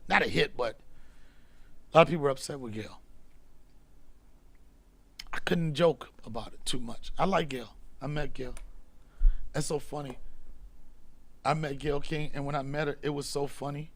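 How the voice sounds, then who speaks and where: A man hosting a comedy podcast, telling animated stories in a casual chat, dropping loud then hushed. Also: on the high side, normal speed, long pauses.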